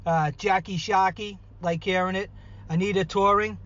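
A man's voice: sits high, steady tone, normal speed, a bit bright, dull audio. A man with a Boston accent giving a rambling, folksy monologue as a show's regular contributor, full of "you know" and "uh". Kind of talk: casual chatty monologue.

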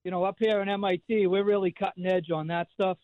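Quick-paced and high, with fairly even intonation, the voice of this Boston-accented man in his fifties comes through dull audio with no room sound. He's a regular caller to a radio show, and his casual chat drifts through stories full of fillers and restarts.

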